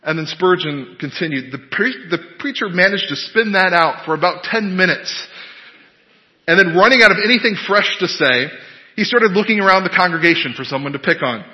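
Pastor preaching in an echoey hall. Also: male voice, sits high, a little fast. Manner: storytelling, animated emphasis with hesitant fillers. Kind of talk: sermon.

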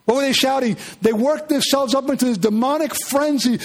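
Guy preaching w a really high voice, lively, keeps asking the church questions. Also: fairly quick, hardly any pauses. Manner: animated, rhetorical questions to the congregation. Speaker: pastor. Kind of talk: sermon.

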